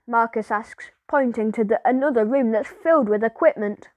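A woman with a high voice narrating a children's audiobook in a lively first-person manner. The recording is dry and close, with no room sound. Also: normal speed, dry recording, narrow, tinny audio.

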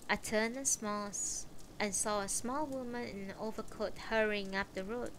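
A woman reading a novel aloud on a livestream, in calm, measured first-person narration. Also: mid-range voice, a little hiss or hum, rough recording. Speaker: audiobook reader on a livestream.

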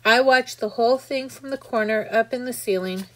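A woman's voice: fairly high pitch, moderate pace, fairly bright tone, voice pushed up, natural voice, poor audio. A woman reading aloud and voicing a mournful, proper female spider who sighs over her lot. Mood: sorrowful. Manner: mournful, sighing.

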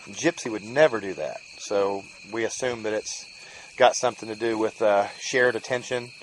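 A man's voice: on the low side, normal speed, slight background noise, low-quality recording. A middle-aged man, rambling casually in a home video while tending his dogs outdoors. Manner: rambling, folksy, coos at the dog. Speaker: family vlogger. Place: outdoors in a rural yard. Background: faint crickets and outdoor ambience.

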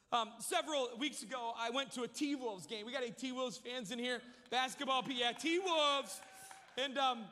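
A man preaching a sermon, telling a humorous story with lively energy in a large church. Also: very high-pitched, in a large hall. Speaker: pastor.

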